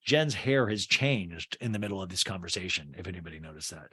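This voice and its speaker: A man's voice: deep voice, a little fast, husky. A man hosting a podcast, giving a comedic recap of a reality show and acting out the cast's lines. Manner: animated, swears freely, mimics cast members.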